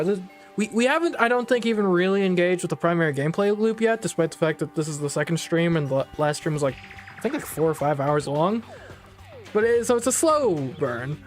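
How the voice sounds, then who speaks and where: A woman's voice: fairly low pitch, expressive, fairly quick, faint music behind. Chatty woman streaming a game. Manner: chatty, stumbling, self-correcting. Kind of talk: casual game stream, reading dialogue aloud.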